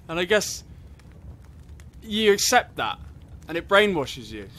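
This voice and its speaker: A man's voice: sits high, animated, moderate pace, pauses often, sharp tone. A man co-hosting a podcast, chatting casually and telling stories in a playful way. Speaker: podcast co-host. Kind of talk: casual chat.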